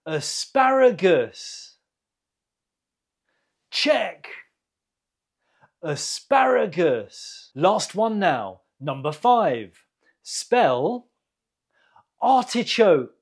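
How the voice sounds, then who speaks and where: Quiz-host teacher with a husky tone, very slow, lively rise and fall, repeats every word for learners. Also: mid-range voice. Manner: repeats each word clearly, pauses for the listener. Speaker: English teacher hosting a quiz.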